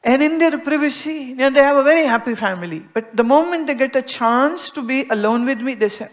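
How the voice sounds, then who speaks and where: Addressing an audience, an Indian-accented woman teaches on spiritual matters with vivid expression, moving between hushed softness and emphatic points and playing out little everyday dialogues. Her voice is high, a bit fast, with few pauses.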